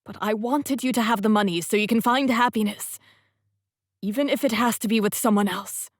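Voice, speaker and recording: A woman voicing a tender, devoted man in an audiobook romance, speaking gently and earnestly. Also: fairly high pitch, brisk, dry recording, clean studio sound, natural voice. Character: tender, devoted grown man, former grumpy boss. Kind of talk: audiobook dialogue reading.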